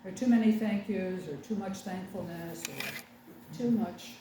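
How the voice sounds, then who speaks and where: A woman's voice: lowish voice, expressive, measured pace. An older woman minister giving a chatty, wry sermon with sarcastic asides. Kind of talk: conversational sermon. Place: congregation meeting room. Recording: echoey room from far off with faint background noise.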